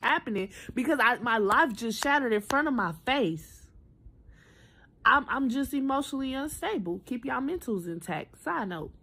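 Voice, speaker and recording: A woman in her twenties telling a personal story in a chatty, animated storytime style, talking straight to her viewers. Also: fairly high pitch, normal speed. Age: 20s. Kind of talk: casual storytime.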